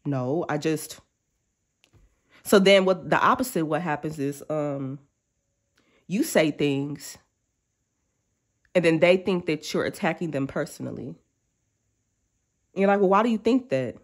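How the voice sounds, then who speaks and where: Her voice is low and a little slow, broken by frequent pauses. A tarot reader gives her viewers a relaxed, slang-heavy reading, animated and talkative. She regularly breaks off to act out imagined thoughts in quotes.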